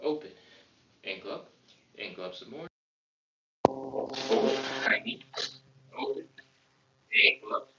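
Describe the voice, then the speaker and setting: A man's voice: on the low side, animated, measured pace, long pauses, very noisy. Chatty male stretching coach, far off. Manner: chatty, self-mocking, counts reps aloud. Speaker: stretching instructor. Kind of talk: live follow-along workout coaching. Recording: roomy, distant, dull lo-fi.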